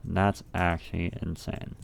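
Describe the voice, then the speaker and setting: A young man with a low, gravelly voice talks to himself while building a game level, rambling and cursing casually. Faint hiss and keyboard typing sit behind him. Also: flat delivery, a little slow. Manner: rambling, profane, self-talking. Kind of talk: casual thinking aloud while working.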